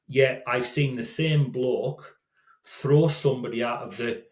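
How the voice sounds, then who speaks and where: A man's voice: medium pitch, a little mellow. An older man, a guest telling stories in a casual, rambling way with frequent restarts. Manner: rambling, many restarts and self-corrections. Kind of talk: casual storytelling. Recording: roomy echo.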